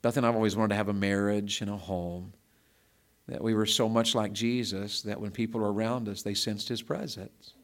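Storytelling through a conversational sermon, the middle-aged man moves between hushed asides and loud, emphatic build-ups, often saying words twice. His voice is lowish, his tone steady, and his speed fairly quick.

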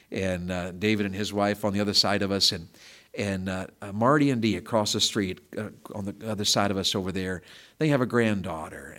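A middle-aged man preaching a conversational sermon, telling stories and swinging from hushed asides to loud emphatic build-ups, often repeating words. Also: on the low side.

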